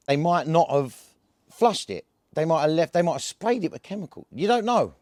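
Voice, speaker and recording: A slangy man talks to camera in a loose, rambling vlog, his voice sitting a little high for a man. He strings thoughts together with fillers and quick "yeah?" checks. The close mic keeps the sound very dry. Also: sing-song, a little mellow, no room sound. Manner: slangy, chatty, full of fillers and tag questions. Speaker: cannabis vlogger. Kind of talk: casual rambling monologue to camera.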